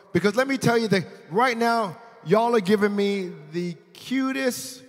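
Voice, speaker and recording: High-voiced preaching man in a reverberant hall. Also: a little slow. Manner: storytelling, swings from quiet asides to shouted praise; casual slang, addresses congregation as fam. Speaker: pastor. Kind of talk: sermon.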